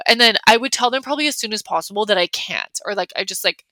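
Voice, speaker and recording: Young woman, bright and forceful voice, dry close sound, chatty podcast host. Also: on the high side, lively intonation, very fast, no room sound. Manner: chatty, many fillers, acts out her own reactions. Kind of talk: casual solo talk.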